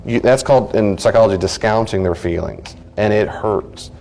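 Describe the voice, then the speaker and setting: A man's voice: on the low side, moderate pace, vocal fry, a little mellow, soft background music. A middle-aged man, a counselor teaching a study group, talking earnestly and acting out everyday conversations.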